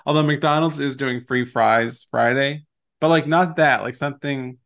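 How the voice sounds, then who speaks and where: A man's voice: medium pitch, normal speed, a bit bright. A man co-hosting a podcast, chatting casually and animatedly while recapping a TV episode and quoting its scenes. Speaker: podcast co-host.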